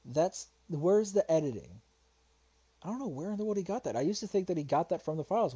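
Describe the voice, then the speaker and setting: A man's voice: a little high, sing-song, brisk, dark tone, husky, dull audio. A man streaming a response video, talking casually and rambling, getting frustrated, swearing and muttering to himself while he searches. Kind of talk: casual livestream commentary.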